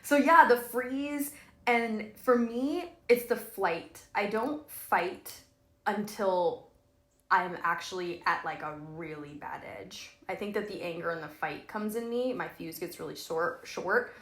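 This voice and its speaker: A woman's voice: medium pitch, takes it slowly, fairly bright tone. Candid laughing woman in an echoey room. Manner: candid and laughing, trailing off and restarting, with frequent swearing. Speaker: podcast co-host. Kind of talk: casual conversational podcast chat.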